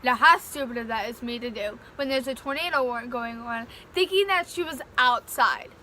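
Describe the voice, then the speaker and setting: A young woman vlogger with a high, bright, ringing voice tells a casual storytime. She rambles and piles fillers into every sentence as the story tumbles out. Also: normal speed, a little hiss or hum. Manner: rambling, filler-heavy retelling with many "like"s.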